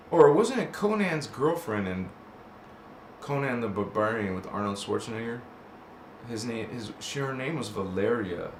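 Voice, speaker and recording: Slow, rambling man with frequent laughter. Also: mid-range voice, gravelly, a little hiss or hum. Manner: rambling, goes off on tangents, laughs often. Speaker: channel host. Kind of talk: live stream chat, reading viewer comments. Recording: roomy echo.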